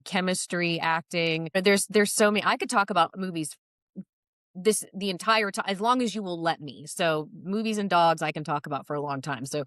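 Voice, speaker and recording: A talkative woman with a somewhat low voice, chatting as a podcast guest. She ticks off her points one by one and keeps checking in with her listener. The sound is dry and close, with no room around it. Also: moderate pace, fairly bright tone, dry recording. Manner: chatty, lists points, uses "right?" often. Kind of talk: casual podcast conversation.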